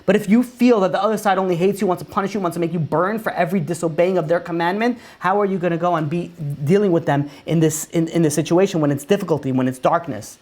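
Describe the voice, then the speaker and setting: A rabbi giving a conversational sermon, asking many rhetorical questions and repeating and restarting phrases. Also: male voice, sits high, quick pace, hardly any pauses, a little mellow.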